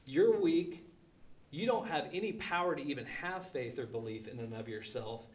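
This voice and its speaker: A man's voice: medium pitch, animated, normal speed, darkish tone, far from the mic. Preaching man in an echoey church. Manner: emphatic, conversational preaching with rhetorical questions. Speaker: pastor. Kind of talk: sermon.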